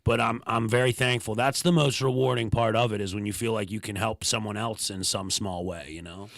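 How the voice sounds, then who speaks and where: A man's voice: fairly low pitch, steady tone, a little fast, vocal fry, a bit bright, dry recording. A man, a stand-up comedian, chatting casually as a podcast guest, telling loose stories with slangy asides and laughs. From Pittsburgh, USA.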